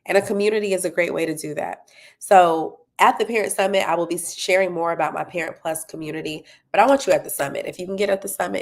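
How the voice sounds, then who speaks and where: A woman's voice: on the low side, quick pace, creaky. A woman running a parenting talk, encouraging and checking in with her listeners as she promotes her tutoring company. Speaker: parenting coach and tutoring business owner.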